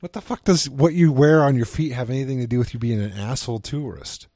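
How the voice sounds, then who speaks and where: A man's voice: mid-range voice, quick pace, mellow, no room sound, studio quality. An American man co-hosting a podcast, chatting casually with a sarcastic, teasing manner. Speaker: podcast co-host. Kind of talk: casual chat.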